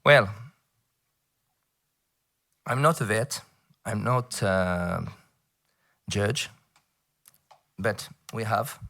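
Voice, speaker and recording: French-accented man giving a halting conference speech. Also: lowish voice, animated, vocal fry, bright, forceful tone. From France. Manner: halting, many fillers and restarts, playful asides. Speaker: federation director addressing a round table.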